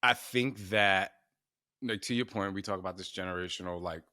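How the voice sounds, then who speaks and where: A man in his forties hosts a podcast in a very low, deep voice, recorded dry and close. He chats casually and laughs between phrases. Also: normal speed, bright, forceful tone, no room sound. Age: 40s. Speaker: podcast host. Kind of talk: casual conversational interview.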